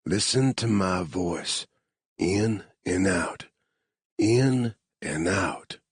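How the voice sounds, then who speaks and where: A man voicing a gentle, protective man with a Cajun accent, who talks slowly and soothingly. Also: deep voice, animated, husky, no echo, heavily acted. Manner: slow, soothing, murmuring.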